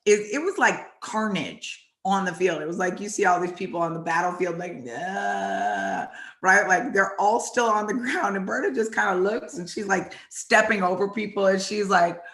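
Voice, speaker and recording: A woman hosting and telling animated stories about her football days, acting out the lines people said. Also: mid-range voice, normal speed, few pauses. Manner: animated, acts out quotes from the story. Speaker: host and former football player. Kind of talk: storytelling chat. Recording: echoey room.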